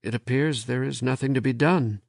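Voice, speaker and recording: A man voicing a quiet, worn-down middle-aged professor who speaks flatly and distantly. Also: medium pitch, gravelly, no room sound, studio quality, natural voice. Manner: flat, distant, halting.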